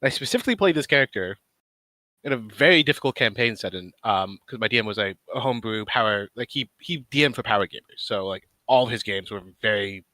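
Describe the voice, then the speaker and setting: Brief: male stream host, bright and forceful tone, dry close sound, rambling storyteller. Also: on the low side, animated, quick pace, no echo. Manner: rambling, with many fillers and laughs. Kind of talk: casual storytelling chat.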